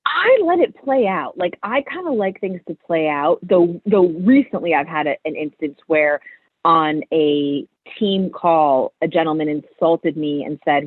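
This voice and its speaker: A woman's voice: sits low, expressive, measured pace, slightly rough, no echo. A woman in her thirties, a podcast guest, telling her story candidly and with animation. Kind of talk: casual interview chat. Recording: tinny phone-like line, dry.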